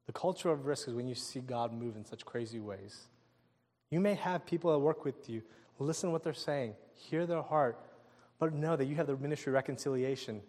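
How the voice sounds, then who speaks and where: A male pastor preaching a sermon, telling a personal story in an animated way and acting out the people in it. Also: mid-range voice, brisk, in a large hall. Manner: animated storytelling with laughs and quoted voices.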